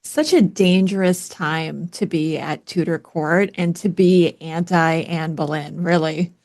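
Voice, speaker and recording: A woman's voice: sits low, steady tone, slow pace, darkish tone. A woman hosting an interview podcast, amused, with joking asides. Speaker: podcast host. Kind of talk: conversational interview.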